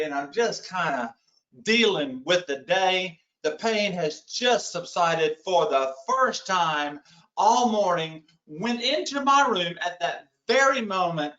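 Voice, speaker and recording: A man's voice: sits high, fairly bright tone, echoey room, lo-fi sound. A man giving a keynote talk, telling a humorous story with self-deprecating asides to his audience. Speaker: keynote speaker.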